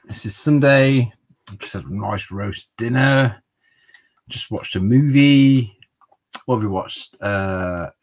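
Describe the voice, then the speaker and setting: A man's voice: lowish voice, slightly rough. A man hosting a casual livestream, rambling and chatting with viewers by name while a little tipsy from wine. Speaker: livestream host.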